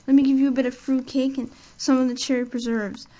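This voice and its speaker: A talkative, dreamy young girl, as a woman reader voices her pours out her tale in breathless, dramatic bursts. Her voice sits a little high, and the recording sounds dull and lo-fi. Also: little pitch movement, fast, warm tone, close to an everyday voice. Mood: pleading. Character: imaginative chatty young girl Anne. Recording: dull lo-fi audio.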